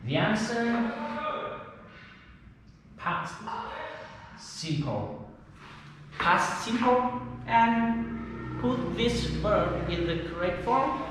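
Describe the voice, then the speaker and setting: A man with a Vietnamese accent teaching English pronunciation, speaking slowly and carefully and repeating words as drills. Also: very high voice, lively intonation, very echoey, in a large hall, far from the mic, noisy background. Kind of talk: pronunciation lesson talk.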